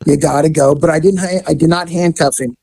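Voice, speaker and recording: Dark-voiced man telling a police story. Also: a little high, fairly quick, creaky, breathy edge, no echo. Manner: animated, acts out voices in his stories. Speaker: former police officer telling stories. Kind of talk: casual storytelling.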